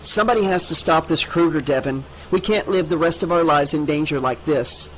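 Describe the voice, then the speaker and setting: A man's voice: on the high side, a little fast, fairly bright tone, a little hiss or hum, lightly acted, low-quality recording. A man voicing an earnest, worried teenage girl in an audiobook.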